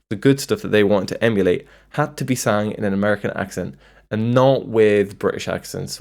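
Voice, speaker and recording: A man's voice: fairly low pitch, creaky, a little mellow. A man narrating a scripted music video essay, with wry, self-deprecating asides.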